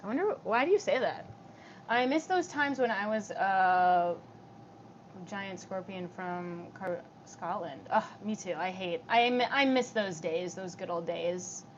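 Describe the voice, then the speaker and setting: A young woman with vocal fry chatting on a livestream, reading comments out loud and answering them in a giggly, casual way. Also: mid-range voice, measured pace, muffled recording, slight background noise.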